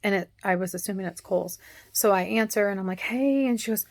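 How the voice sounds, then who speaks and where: A woman's voice: mid-range voice, steady tone, quick pace. A middle-aged woman, rambling through a casual story and acting out the other people in it. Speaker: cooking channel host.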